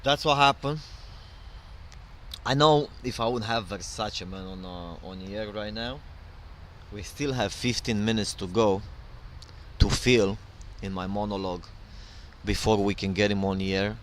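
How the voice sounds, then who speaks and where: A man's voice: on the low side, a little slow, pauses often, slight background noise. Rambling middle-aged podcast host, man. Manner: rambling, loose and digressive with many fillers. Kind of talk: casual solo monologue.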